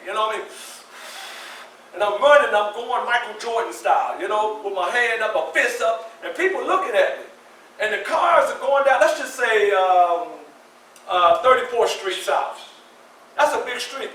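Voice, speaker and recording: A man in his sixties telling a personal story live to an audience, animated and acting out scenes. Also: extremely high pitch, a little hiss or hum. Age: 60s. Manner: animated, acts out scenes with voices and shouts. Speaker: featured storyteller. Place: community center hall. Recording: echoey room from a far mic, faint ambience.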